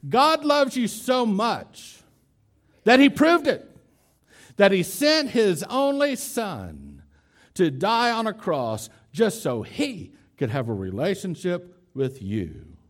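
A man preaching a sermon as pastor, emphatic, repeating key phrases and speaking straight to his congregation. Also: high voice. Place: church hall with a congregation.

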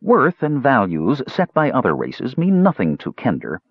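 A man narrating a fantasy audiobook with an expressive, storytelling delivery. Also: mid-range voice, normal speed, husky, dry recording, lo-fi sound.

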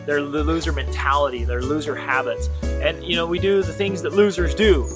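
A motivational speaker talks directly and in a lecturing way. Guitar music plays clearly beneath the voice. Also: mid-range voice, fairly quick. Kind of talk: motivational talk.

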